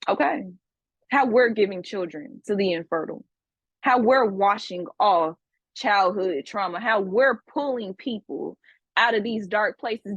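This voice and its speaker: A spiritual teacher gives a livestream class lecture, her medium-pitched voice unhurried as she scolds students with profanity and repeats herself for emphasis. The audio has no echo, and the high frequencies are cut off.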